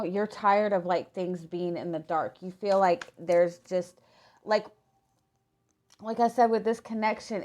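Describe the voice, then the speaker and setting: Speaking at medium pitch with a darkish tone, a hoarse tarot reader whose voice is going gives an informal reading. Her delivery is halting, full of restarts and the filler "like."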